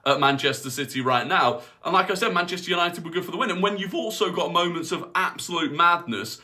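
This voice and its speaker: A man's voice: high-pitched, a little fast, pushed and bright. A man giving an incredulous, critical football match reaction.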